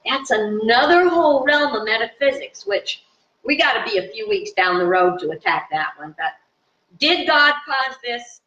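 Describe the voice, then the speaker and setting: A woman giving an informal live spiritual talk to viewers from her home in the country, chatty and animated, with fillers. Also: fairly high pitch, normal speed. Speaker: spiritual teacher. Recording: dull, roomy sound from a distant mic.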